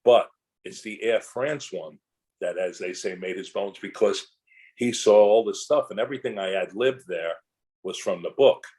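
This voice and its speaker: Low-voiced older man telling rambling anecdotes. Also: moderate pace, warm tone, low-quality recording. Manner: rambling anecdotes with many restarts. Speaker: actor guest. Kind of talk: casual interview storytelling.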